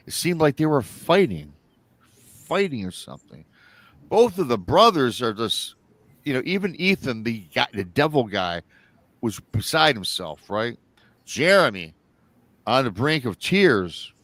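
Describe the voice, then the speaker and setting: A man's voice: medium pitch, a bit bright, no echo. A man hosting a live show, retelling a listener's story in a rambling, casual way and acting out the quoted lines. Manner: rambling, repeats himself, acts out quoted lines.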